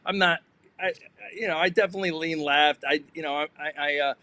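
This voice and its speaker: A man's voice: fairly high pitch, steady tone, fairly quick, bright, forceful tone. A male sports journalist chatting on a panel, rambling with many restarts. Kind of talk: casual panel chat.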